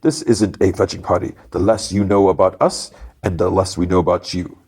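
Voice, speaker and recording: A cool, smug Irish bank robber boss, his accent only a rough attempt, put on by a man retelling a show. The voice sits low and drawls his mocking lines. He stays calm as he gives orders to hostages and police. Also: brisk. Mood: commanding. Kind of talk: recapping a show with acted quotes.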